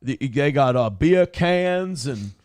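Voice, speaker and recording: A man's voice: mid-range voice, expressive, slow, darkish tone, clean tone, no room sound, studio quality. A man hosting a morning show, telling stories casually and profanely, with acted-out quotes. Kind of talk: casual chat. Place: home studio.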